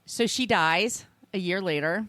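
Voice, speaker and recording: A woman's voice: lowish voice, measured pace, fairly bright tone, dry recording. Woman casually retelling a history story. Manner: rambling, conversational, frequent restarts and swearing. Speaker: podcast host telling a history story.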